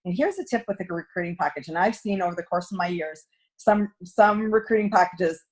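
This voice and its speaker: Husky woman coaching sales. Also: fairly low pitch, lively intonation, fairly quick. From Canada. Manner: chatty, storytelling, acts out quoted dialogue. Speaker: direct sales team coach. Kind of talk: sales training talk.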